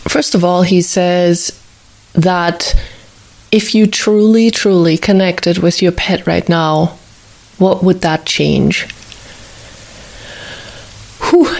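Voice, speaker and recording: A woman hosting a reflective talk, speaking softly and slowly as she guides listeners through gentle questions. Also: lowish voice, steady tone, gravelly. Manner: slow, soothing, asks many gentle questions. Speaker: host.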